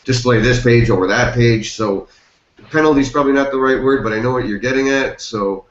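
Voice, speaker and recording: A man's voice: medium pitch, a little fast, slight background noise. A man hosting a casual group chat, loose and laughing, thinking aloud with lots of fillers. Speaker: chat host. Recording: echoey, dull call audio.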